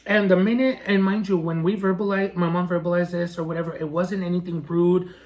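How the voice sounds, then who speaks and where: A man tells a food-vlog story in a fairly high voice, animated and indignant. He fills his talk with little pauses and restarts, and switches voices to act out what people said. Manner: re-enacts dialogue in shifting voices. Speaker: food vlogger. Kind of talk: story time.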